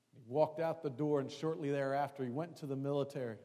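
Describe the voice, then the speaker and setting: A man preaching a sermon as pastor, building emphasis and then dropping to hushed storytelling. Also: medium pitch, fairly even intonation, fast, hardly any pauses. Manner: preaching with rising emphasis, drops to hushed tones for stories. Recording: long hall reverb.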